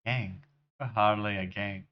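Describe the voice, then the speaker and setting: A man voicing a nervous young woman who leads a gang, reading her lines haltingly in his own voice. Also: fairly low pitch, steady tone, clear, resonant tone, muffled recording, voice pushed down, close to an everyday voice. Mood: grieving.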